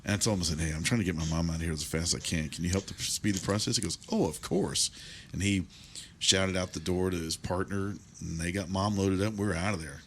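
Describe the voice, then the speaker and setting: Deep-voiced host telling a story. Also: male voice, fast, slight background noise. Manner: lively storyteller, animated when quoting others. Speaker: interview host. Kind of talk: casual interview chat, telling a story.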